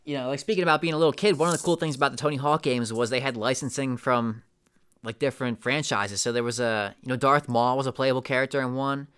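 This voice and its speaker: Laid-back young man with a smooth voice. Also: mid-range voice, fairly even intonation, fast, fairly bright tone. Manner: laid-back, swears, says dude a lot. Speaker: podcast co-host. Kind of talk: casual chat.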